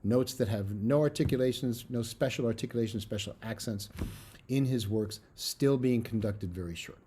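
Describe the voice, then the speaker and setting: Middle-aged man, music professor type, earnest, emphatic lecture delivery, warm dark tone. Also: mid-range voice, normal speed, a little hiss or hum. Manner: earnest, emphatic teaching with fillers. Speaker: bassoon professor.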